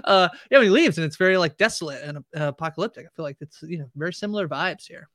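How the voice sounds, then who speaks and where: A woman's voice: fairly low pitch, animated, fast talker. A woman co-hosting a casual podcast, talking in a rambling, enthusiastic way. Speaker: podcast co-host.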